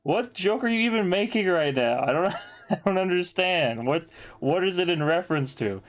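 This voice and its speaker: A man's voice: sits high, animated, normal speed. Laid-back man chatting on stream. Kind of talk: casual chat while drawing.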